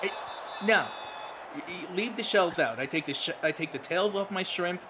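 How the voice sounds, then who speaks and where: Emphatic higher-voiced New York man. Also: moderate pace, background noise. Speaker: analyst. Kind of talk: casual game analysis.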